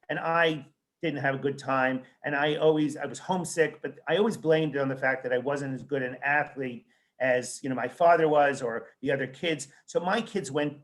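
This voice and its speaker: A male child psychiatrist and author in a conversational interview, telling stories animatedly, acting out quoted dialogue and often restarting his sentences. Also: medium pitch. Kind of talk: conversational interview, anecdotal storytelling.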